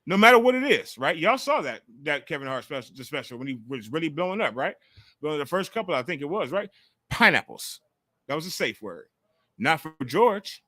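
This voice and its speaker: A man hosting a casual call-in sports talk livestream, talking in an animated, profane way on a close mic. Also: on the high side, a little fast, no room sound. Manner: animated, profane, jumps into mocking quotes. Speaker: call-in show host.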